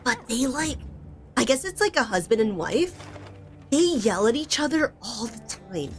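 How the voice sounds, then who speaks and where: A young woman gaming streamer talks with a high, lively voice that swings up and down. She rambles casually, laughing often, with a faint game soundtrack playing underneath. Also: moderate pace, faint music behind. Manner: chatty, giggly, lots of "like" and "bro".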